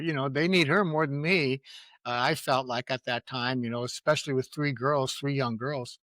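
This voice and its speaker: A man's voice: medium pitch, fairly even intonation, normal speed, bright, forceful tone, dry recording. A middle-aged man, a parenting coach, answering interview questions in a candid, reflective way from his own experience. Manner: earnest, reflective, speaks from personal experience.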